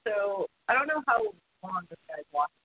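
A woman's voice: medium pitch, sing-song, moderate pace. A woman co-hosting a horror movie podcast, chiming in with short corrections in casual chat. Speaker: podcast co-host. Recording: tinny phone-like sound.

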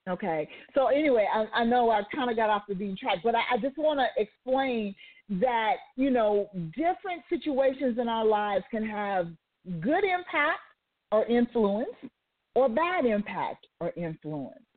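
With a fairly high pitch, lively intonation, and moderate pace, a woman delivers a motivational talk radio monologue. She retells a story, adds asides, and turns it into a faith-based lesson, her voice thin and tinny as if over a phone.

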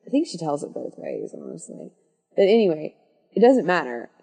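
A woman's voice: fairly low pitch, very animated, normal speed, gravelly, warm tone, breathy edge. A woman casually telling a spooky story on a podcast, rambling and correcting herself with wry asides.

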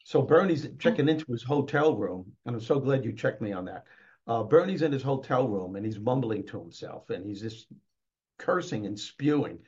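A man who is a guest on an interview show tells a story in a lively way and acts out its scenes. His voice sits at a middle pitch. The audio is dull and lo-fi. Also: normal speed. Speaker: author and motivational speaker guest.

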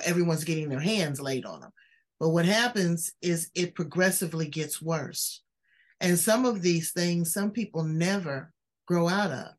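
An interview host who speaks emphatically, lecturing the guest and repeating points before asking questions. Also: medium pitch. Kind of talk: interview questions, preachy commentary.

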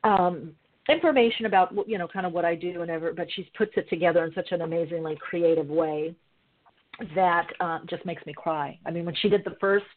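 A woman's voice: on the low side, a little fast. A woman hosting a spiritual podcast, talking in an effusive, gushing way with plenty of fillers. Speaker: podcast host. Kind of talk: casual podcast talk. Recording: tinny phone-like line.

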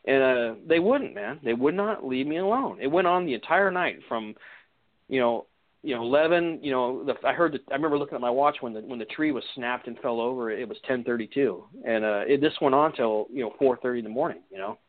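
Speaking at medium pitch with lively intonation and a fairly quick pace, a Washington state man tells of an encounter as a guest on a radio show. It's casual, rambling storytelling full of restarts and "you know"s, heard through a tinny phone connection.

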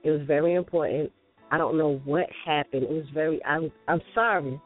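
A woman's voice: sits low, fairly even intonation, a little fast. A woman co-hosting a casual morning show, speaking earnestly and laughing easily. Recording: tinny phone-like sound with faint music.

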